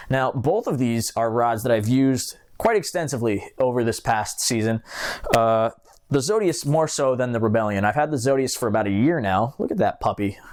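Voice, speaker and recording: A young man hosting a fishing channel, reviewing gear in a chatty, joking way and drifting onto tangents. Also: medium pitch. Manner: chatty and joking, talks with his hands, goes off on tangents. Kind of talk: casual gear review to camera.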